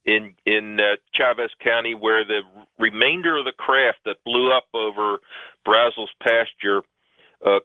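Low-voiced male phone guest, rambling, emphatic, heard over a tinny, dry line. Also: fairly even intonation, measured pace, dry recording. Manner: rambling, emphatic, many fillers. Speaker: guest researcher. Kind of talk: phone-in radio interview.

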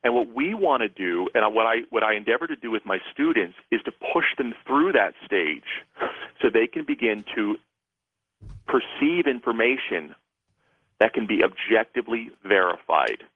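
A man's voice: on the low side, expressive, no room sound. Man explaining on a tinny phone line. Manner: measured, lecturing, lists ideas. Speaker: psychic and author, radio guest. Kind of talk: explanatory talk on a call-in radio show.

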